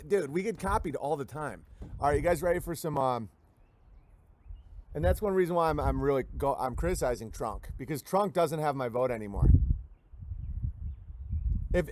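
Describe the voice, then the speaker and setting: A man's voice: a little high, noisy background. A man hosting a live stream, chatting in a rambling, crude, joking way and often restarting his sentences. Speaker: livestream host.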